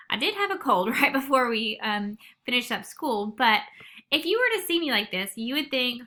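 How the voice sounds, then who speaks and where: A woman school librarian reading a picture book aloud to young children at home, in an animated, expressive storytelling voice. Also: fairly high pitch, moderate pace.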